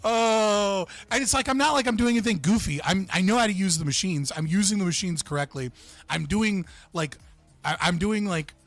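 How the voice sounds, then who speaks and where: A young man with a slightly high voice tells a story on his livestream, rambling through restarts, fillers and swearing. The sound is dry and close to the mic, with faint music behind him. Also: lively intonation, a little fast, fairly bright tone, no echo. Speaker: livestream host.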